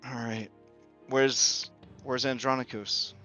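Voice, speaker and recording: A man running a tabletop game as game master, casual and quick with jokes and swearing. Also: mid-range voice, level tone, sharp tone, soft background music.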